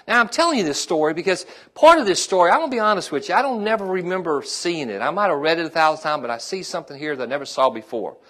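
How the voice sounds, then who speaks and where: A male pastor preaches in a loose, conversational way, circling back over his phrases and checking in with the congregation. His voice sits a little high for a man. When he rouses the room, he climbs higher and gets louder. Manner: conversational, repeats himself, asks "amen?"; rises in pitch and volume when stirring the congregation. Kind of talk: sermon.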